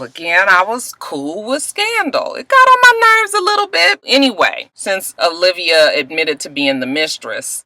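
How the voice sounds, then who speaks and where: A woman casually recapping TV episodes, telling them in an animated, profane way and acting out bits of the dialogue. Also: low-pitched, dry recording, rough recording. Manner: animated, profane storytelling with acted-out quotes. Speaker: TV recap vlogger.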